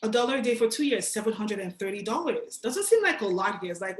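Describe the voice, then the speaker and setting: A young woman from Nigeria giving a casual, animated motivational talk to an audience, speaking directly and with slang. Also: mid-range voice, quick pace, few pauses, roomy sound. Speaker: guest speaker.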